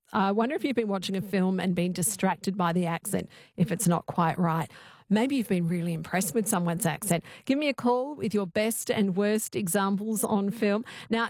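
A woman's voice: mid-range voice, darkish tone. A woman hosting late-night radio, chatty and conversational, with the odd filler. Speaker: radio host. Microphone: studio microphone.

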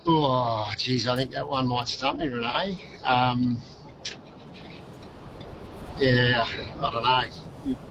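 A man's voice: medium pitch, steady tone, slow pace, long pauses, highs cut off, background noise. Laid-back man calling in. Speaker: radio caller.

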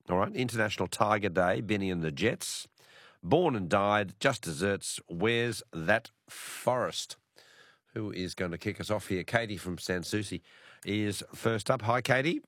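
Australian man, croaky voice, lively chatty radio host, dry studio sound. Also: on the low side, a little slow, no room sound. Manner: chatty, self-deprecating, lively. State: croaky voice from a cold. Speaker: late-night radio host. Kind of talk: radio talk show hosting. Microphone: studio microphone.

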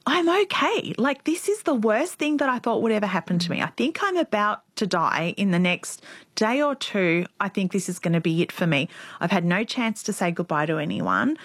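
A woman in her forties, telling a personal story as an interview guest in an earnest, reflective, quietly emotional way. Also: medium pitch, no echo.

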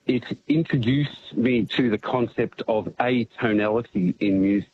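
A man phoning in to a radio show, halting and hesitant as he gathers his thoughts. His voice comes through a dull, muffled line with a faint hiss behind it. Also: medium pitch. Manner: hesitant, many ums. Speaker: caller. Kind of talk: phone-in chat.

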